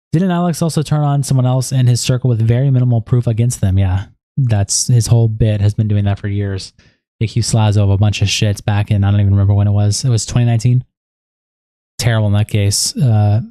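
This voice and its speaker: A man's voice: lowish voice, warm tone, no room sound. A man casually commenting on a stream, blunt and swearing, laughing in disbelief. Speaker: streamer reacting to online drama.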